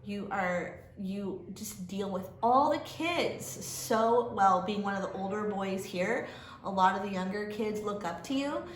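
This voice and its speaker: A woman's voice: mid-range voice, unhurried. A woman giving heartfelt end-of-year praise to students, emotional and laughing. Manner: warm, emotional, laughing, gets choked up. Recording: echoey room with faint noise.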